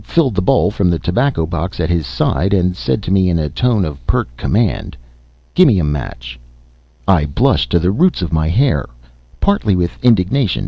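A man narrating a story aloud in an expressive, dramatic reading style. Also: deep voice, dry recording. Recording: slightly muffled lo-fi recording.

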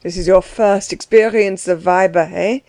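A woman doing a harsh, mocking older gentleman. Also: fairly low pitch, steady tone, moderate pace, dry recording, close to an everyday voice. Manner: bossy, laughing harshly. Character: harsh, mocking middle-aged German man.

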